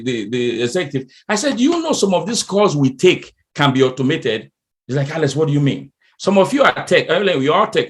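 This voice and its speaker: Nigerian-born man, motivational coach on a video call, higher voice, animated storyteller. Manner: animated, wide swings in pitch and loudness, laughs at own stories. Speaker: leadership coach. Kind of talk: motivational talk to a live online audience.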